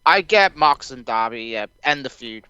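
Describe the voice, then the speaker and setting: A man's voice: mid-range voice, animated, normal speed, pushed and bright, clean tone, no echo, highs cut off. A man co-hosting a casual wrestling podcast, making short, pointed points. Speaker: podcast co-host.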